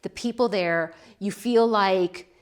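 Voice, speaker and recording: Speaking slowly in a mid-range voice, a pottery vlogger from California, a middle-aged woman, talks in a relaxed way about her ceramics and a nearby winery. Emotion catches up with her, and she laughs while holding back tears.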